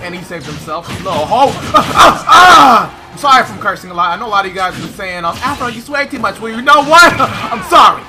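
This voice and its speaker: A young man giving excitable gameplay commentary, loud and trash-talking, often shouting and laughing. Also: high voice, a little fast, few pauses, loud music behind the voice, over a noisy crowd. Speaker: gaming commentator.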